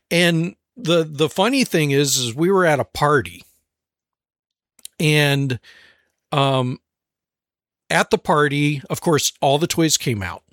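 A man in his forties, a parent of four, telling parenting stories in a relaxed way, often restarting and slowing down. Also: a little high, no echo, clean studio sound. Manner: relaxed storytelling, frequent restarts and slower stretches. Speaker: parent sharing advice. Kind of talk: casual talk on parenting.

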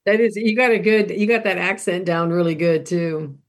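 A woman's voice: on the low side, moderate pace. A woman co-hosting a Christian podcast, speaking earnestly and directly to the listener about faith. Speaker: podcast co-host. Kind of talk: Christian podcast devotional talk.

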